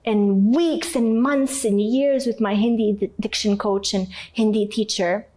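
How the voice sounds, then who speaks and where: A woman from North Africa, an interview guest, telling her story in a candid, emotional and animated way. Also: mid-range voice, a little slow.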